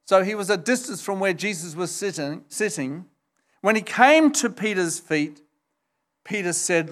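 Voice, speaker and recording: A man's voice: high voice, lively intonation, measured pace, fairly bright tone. A man preaching a sermon, emphatic and earnest as he explains scripture to his congregation. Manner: emphatic, retells scripture with acted quotes. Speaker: pastor.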